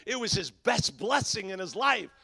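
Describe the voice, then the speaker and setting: A man preaching a sermon as pastor, swinging between loud bursts and hushed lines in a chatty way. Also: high-pitched, lively intonation, normal speed, gravelly, breathy edge. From Southern California. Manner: swings from shouting to hushed, conversational with fillers.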